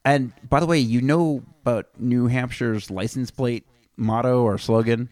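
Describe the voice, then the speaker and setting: A man's voice: mid-range voice, fairly even intonation, a little slow, a little mellow, no room sound. A man hosting a casual podcast, reading out statistics with offhand jokes. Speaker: podcast host.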